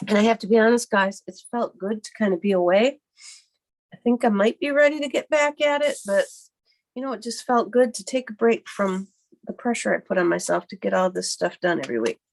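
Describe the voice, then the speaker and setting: Chatty, slightly hoarse woman crafter. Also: mid-range voice, fairly quick. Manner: chatty and rambling, thinks aloud while working. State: hoarse, recovering from a cough. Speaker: card-making livestream host. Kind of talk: casual craft tutorial. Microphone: computer webcam mic at her desk.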